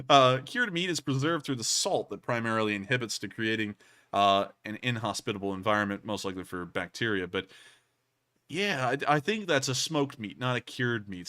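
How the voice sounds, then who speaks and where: A man hosting a livestream, chatting casually and rambling as he answers donations. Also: medium pitch. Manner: rambling, lively, frequent fillers and restarts. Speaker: livestream show host.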